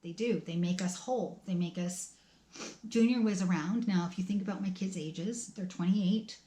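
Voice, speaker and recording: A middle-aged woman vlogging about her family's loss, talking in a halting, emotional way with many restarts. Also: mid-range voice, dark tone, roomy sound. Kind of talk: tearful personal vlog talk.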